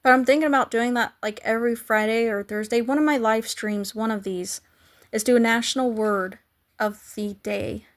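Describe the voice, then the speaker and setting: A woman's voice: on the high side, steady tone, normal speed. A woman live streaming, chatting casually with viewers and playfully trying to pronounce foreign greetings.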